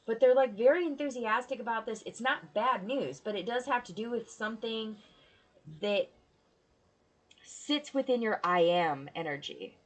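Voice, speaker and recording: A woman's voice: a little high, lively intonation, moderate pace. A woman giving a casual tarot reading, talking bluntly and swearing freely in a chatty way. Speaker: tarot reader.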